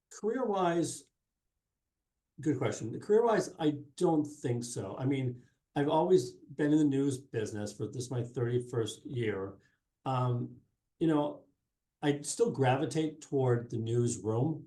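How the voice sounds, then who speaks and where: Middle-aged male guest, casual rambling talk, warm dark tone, roomy echoey sound. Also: medium pitch, measured pace. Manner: rambling, many fillers and restarts. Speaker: guest, sports marketing specialist and former TV reporter. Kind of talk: casual interview chat. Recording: roomy echo.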